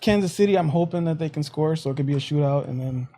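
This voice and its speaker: Slightly high man trailing off softly. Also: quick pace. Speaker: guest analyst. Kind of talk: casual sports talk.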